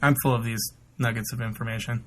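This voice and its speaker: A man's voice: medium pitch, steady tone, fast talker, a bit bright, a little hiss or hum. Rambling man telling travel stories. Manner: rambling storyteller, acts out quotes. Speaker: podcast guest. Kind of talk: casual comedic podcast chat.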